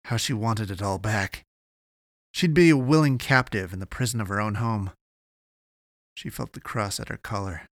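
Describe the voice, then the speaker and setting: A man narrating a science fiction audiobook in a steady, measured way. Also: fairly low pitch, dry recording, clean studio sound.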